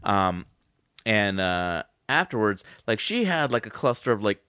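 A man in his thirties, a comedian co-hosting a podcast, telling stories with squeaky voiced asides. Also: very animated, unhurried, sharp tone, clean tone, dry recording, studio quality. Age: 30s. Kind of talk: casual podcast banter.

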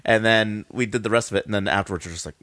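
A man hosting a casual podcast chat who talks in an animated, halting way and laughs often. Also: lowish voice, no room sound. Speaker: podcast host.

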